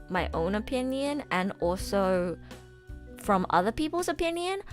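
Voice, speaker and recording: Bubbly young woman streamer, lively pitch. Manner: bubbly, giggly, gushing with enthusiasm. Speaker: voice actress streamer. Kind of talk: casual live-stream chat.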